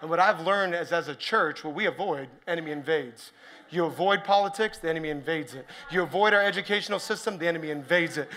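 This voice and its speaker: A man with a high, bright and forceful voice preaches a sermon to his church. He jokes his way through it, then drives his points home with loud emphasis. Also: fast talker. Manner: energetic, joking, rising to shouted emphasis. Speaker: pastor.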